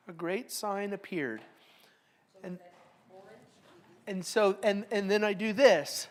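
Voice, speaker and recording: A woman's voice: medium pitch, slow, pauses often. Middle-aged woman teaching a Bible class. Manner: reads verses aloud with strong emphasis, then explains in a casual, joking way. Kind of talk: Bible study lesson.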